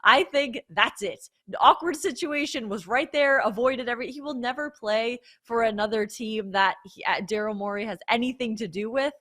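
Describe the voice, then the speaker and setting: Female sports podcast co-host, slightly high and bright, excitable casual chat. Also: normal speed, hardly any pauses.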